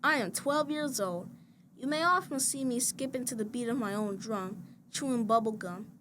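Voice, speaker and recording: A woman reads a children's picture book aloud, her voice sitting a little high. She keeps a gentle, even storytelling pace. A steady hiss of noise runs under the recording. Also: normal speed. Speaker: storybook reader. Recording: noisy background hiss.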